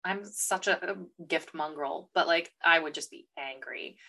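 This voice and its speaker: A woman co-hosting a casual book podcast, ranting with animated energy and mimicking characters. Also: deep voice, unhurried. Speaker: podcast co-host.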